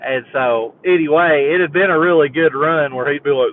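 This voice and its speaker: Dude calling in over a tinny phone, slightly high voice, rambling fan story. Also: male voice, normal speed, few pauses. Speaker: caller. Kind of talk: phone-in chat. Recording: tinny phone line with faint hiss.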